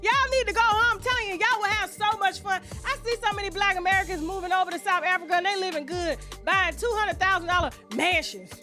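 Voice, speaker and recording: A woman ranting bluntly and profanely straight to the camera. Her voice is very high and sharp and bright. Faint music plays behind her. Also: fast, few pauses. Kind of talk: casual rant to camera.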